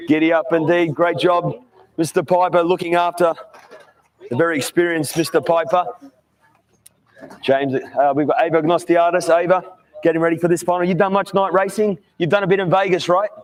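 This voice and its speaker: A man's voice: a little high, steady tone, fairly quick. A man interviewing young drivers on the grid at a night kart race, upbeat and chummy. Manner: upbeat, chummy, calls everyone mate. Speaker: grid announcer.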